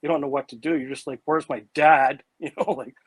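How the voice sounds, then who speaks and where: A man being interviewed, telling a personal story in a casual, animated way, full of "like" and "you know". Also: mid-range voice, quick pace, slightly rough, dry recording, rough recording. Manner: animated and vivid, with frequent "like" and "you know" fillers and restarts. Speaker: interview guest recounting an encounter.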